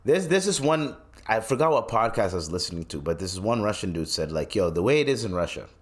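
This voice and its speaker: A man hosts his own podcast in a solo rant, talking fast in a lowish, sing-song voice. He rambles loosely, swears freely and restarts his sentences often.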